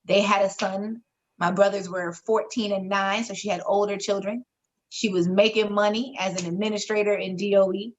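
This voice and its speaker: Frank, expressive woman telling a story. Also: medium pitch, moderate pace, muffled recording, slight background noise. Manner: frank, expressive, swears freely, acts out quoted voices. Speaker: podcast co-host. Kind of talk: candid conversational storytelling.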